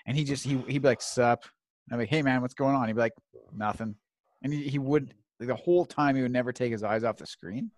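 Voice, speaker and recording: A man telling stories in casual chat, animated and swearing, acting out quotes. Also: medium pitch, fast talker. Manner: animated, swearing storyteller who acts out quotes.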